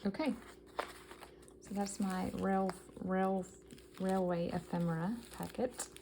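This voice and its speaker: In a slow, level, creaky mid-range voice, a vintage collector vlogger from the American South walks through her yard-sale finds, reading them out with enthusiasm. It's a casual show-and-tell haul with background noise behind her.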